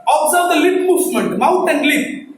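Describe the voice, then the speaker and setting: A man's voice: extremely high pitch, expressive, moderate pace. A man whose first language is Telugu, speaking English with a Telugu accent, giving a classroom lecture on pronunciation and drilling single sounds with emphatic repetition. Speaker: English teacher trainer. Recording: echoey room, distant mic, faint noise.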